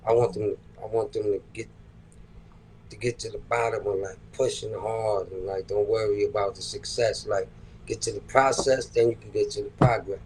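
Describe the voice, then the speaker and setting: A man's voice: lowish voice, steady tone, normal speed, a little mellow, slight background noise, low-quality recording. A man, a rapper and producer, talking in a laid-back, slangy, profane way in a casual interview. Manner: laid-back, slangy and profane, with frequent "you know what I'm saying".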